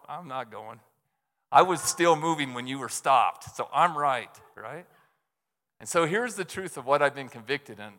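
A man's voice: mid-range voice, a bit bright. A man preaching a sermon as a pastor, candid and self-deprecating, talking conversationally with lots of fillers. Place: church sanctuary. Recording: echoey hall reverb.

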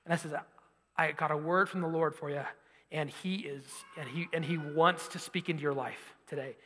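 A young man preaching, telling a personal story with animated energy and rising volume as he drives to his point. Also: a little high, moderate pace, slight background noise. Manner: animated storytelling, loud when quoting himself. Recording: long hall reverb.

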